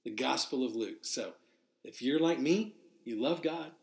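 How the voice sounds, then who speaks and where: A man's voice: medium pitch, measured pace, vocal fry, echoey room. Man teaching Scripture, conversational and earnest. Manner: conversational, restarts and fillers, spells out Greek words. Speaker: pastor. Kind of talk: verse-by-verse Bible teaching. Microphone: live broadcast to listeners.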